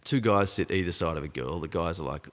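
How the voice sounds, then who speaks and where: A man telling a tense story in casual podcast chat, animated and full of asides. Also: deep voice, a little fast. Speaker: podcast guest. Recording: long reverb, echoey room.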